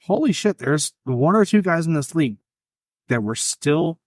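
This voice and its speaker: A man's voice: on the high side, expressive, a little slow, no echo. A man co-hosting a casual sports podcast, blunt and profane, with joking banter. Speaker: podcast co-host.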